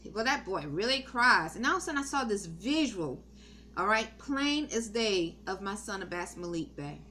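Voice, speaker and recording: A woman's voice: medium pitch, sharp tone, slight background noise. A middle-aged woman giving a spiritual testimony in a meandering, earnest way, with many ums and restarts. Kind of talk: rambling spoken testimony.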